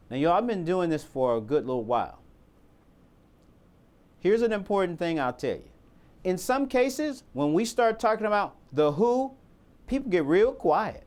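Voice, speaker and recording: A man leads a training session for volunteers. His fairly high voice swings widely in pitch as he stresses each point. He poses rhetorical questions and repeats himself for emphasis. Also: very animated, moderate pace, darkish tone.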